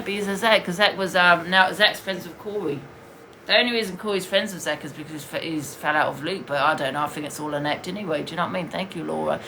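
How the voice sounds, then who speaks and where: A woman's voice: lowish voice, fairly bright tone, a little hiss or hum. A woman hosting a casual livestream, talking bluntly and rambling with swearing. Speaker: livestream host.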